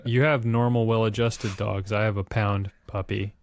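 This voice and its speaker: A man's voice: lowish voice, flat delivery, moderate pace. A man co-hosting a casual podcast over a remote call, laid-back and swearing freely. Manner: laid-back, swears freely, quotes people in put-on voices. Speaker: podcast co-host. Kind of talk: casual chat. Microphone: remote recording call.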